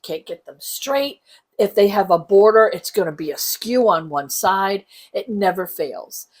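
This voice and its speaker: A woman's voice: mid-range voice, expressive, a little slow. Middle-aged woman, teasing snarky chat. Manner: teasing, snarky, matter-of-fact. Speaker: co-host, the host's mother. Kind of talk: casual chat.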